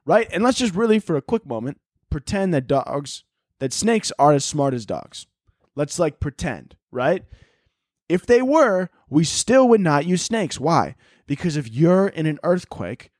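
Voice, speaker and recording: A man's voice: a little high, measured pace, no echo, clean studio sound. Profane joking male podcast host. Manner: profane, animated, acts out voices for laughs. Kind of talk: casual comedic monologue.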